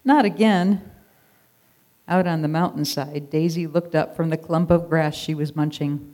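Storyteller, children's story, expressive read-aloud narration. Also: medium pitch, normal speed.

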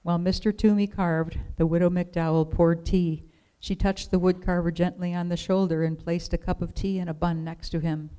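A woman reading a children's storybook aloud in a gentle, measured way. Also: on the low side, little pitch movement, smooth, poor audio.

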